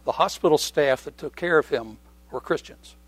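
A middle-aged man preaching a sermon in a conversational way, repeating key phrases and often clearing his throat. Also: a little high, normal speed, no echo, faint music behind.

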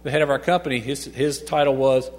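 A man's voice: mid-range voice, steady tone, fairly quick. A middle-aged man teaching a casual Bible study, chatty, chuckling often and asking his listeners questions. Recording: long reverb.

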